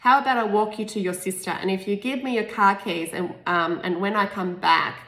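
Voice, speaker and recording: A woman's voice: medium pitch, fairly quick, a bit bright, close to an everyday voice. A woman reading a friendly bearded festival guard. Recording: echoey room.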